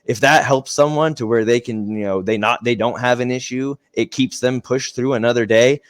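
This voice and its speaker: A man's voice: mid-range voice, steady tone, moderate pace, no room sound. A young American man talking earnestly in a casual interview, rambling with lots of fillers. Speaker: guest, slap fighting competitor.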